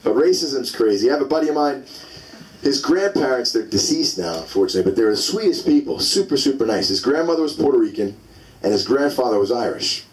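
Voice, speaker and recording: A man's voice: mid-range voice, expressive, quick pace, far from the mic, rough recording. A man in his forties doing a stand-up comedy set, telling loose, rambling stories full of fillers on a club stage. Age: 40s.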